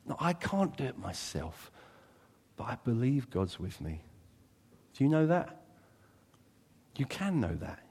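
A man preaching a sermon as a pastor, animated, swinging from loud exclamations to quiet asides. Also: mid-range voice, unhurried, pauses often, slightly rough. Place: church. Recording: reverberant church hall.

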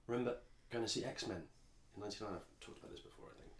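A man's voice: lowish voice, very fast, echoey room, slight background noise. An English man co-hosting a podcast, chatting casually and rambling with frequent restarts. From England. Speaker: podcast co-host. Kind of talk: casual chat.

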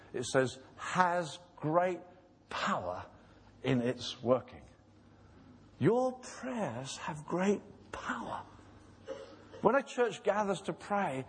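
Impassioned preacher man, lively pitch. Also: slow pace, a little hiss or hum. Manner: impassioned, pleading, acts out voices in retold scenes. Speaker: pastor. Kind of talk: sermon.

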